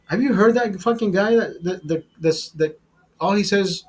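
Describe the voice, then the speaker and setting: Man, live show host, high voice, husky, swearing a lot, lively rant. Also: moderate pace. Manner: profane, animated, laughs at his own bits. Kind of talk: casual live-stream rant.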